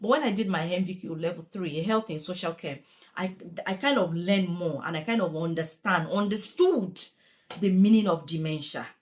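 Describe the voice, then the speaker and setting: Young woman, care worker, earnest and repetitive vlog chatter, slightly low pitch. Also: moderate pace. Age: young adult. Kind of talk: casual vlog chat.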